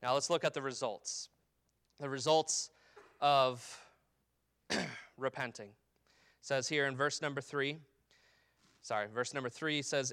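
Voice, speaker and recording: Bright, clear-voiced man preaching a sermon. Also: medium pitch, steady tone. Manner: preaches with emphatic rises and drops, asks "okay?" often; reads scripture in a slow, falling cadence. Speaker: pastor.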